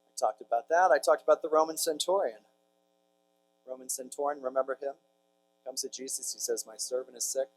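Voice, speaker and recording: A man's voice: medium pitch, a little fast, pauses often, soft background music, low-quality recording. A man, a priest speaking to a large audience in a conversational storytelling talk with jokey asides to the crowd. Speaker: priest giving a conference talk.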